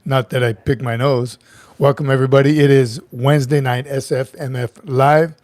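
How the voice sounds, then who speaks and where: A man's voice: mid-range voice, fairly even intonation, normal speed, a little mellow, no echo. Chatty man hosting a livestream. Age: middle-aged. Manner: chatty, greets viewers by name, joking asides. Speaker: livestream host. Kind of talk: casual livestream chat.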